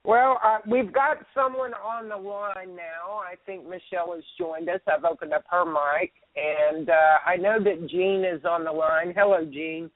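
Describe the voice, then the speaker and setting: A woman's voice: lowish voice, fairly even intonation, a little slow, few pauses, no room sound. A folksy, chatty woman hosting a call-in show who sounds worn out. Her voice is dry and close, squeezed into a narrow, phone-like band. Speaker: host.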